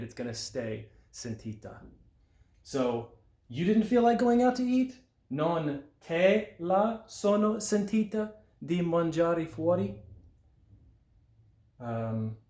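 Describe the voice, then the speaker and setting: A man giving a patient language lesson, slowing down to sound out example phrases. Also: medium pitch, darkish tone. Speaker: Italian language teacher. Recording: roomy echo.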